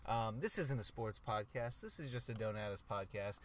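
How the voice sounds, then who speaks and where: A man co-hosting a podcast, chatting casually and tossing in quick reactions. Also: lowish voice, animated. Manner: laid-back, quick interjections. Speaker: podcast co-host. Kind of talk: casual chat.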